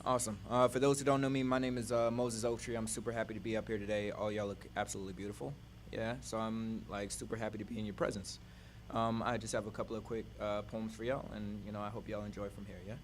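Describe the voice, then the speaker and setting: A man's voice: lowish voice, little pitch movement, fast, a little hiss or hum. A man poet chatting casually from the stage between poems at a church service, laid-back, with lots of fillers and "y'all".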